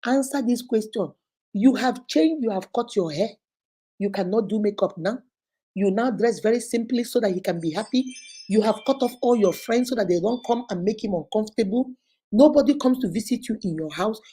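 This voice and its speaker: Husky-voiced Nigerian woman telling a story. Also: mid-range voice, normal speed. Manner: animated, acts out quoted speech. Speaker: relationship advice host. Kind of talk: casual storytelling monologue.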